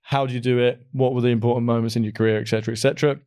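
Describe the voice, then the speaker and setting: A man's voice: medium pitch, flat delivery, very fast, a little mellow, clean tone. A man from the Midlands hosting an interview podcast, chatty and enthusiastic, often laughing. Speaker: podcast host. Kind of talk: casual interview chat.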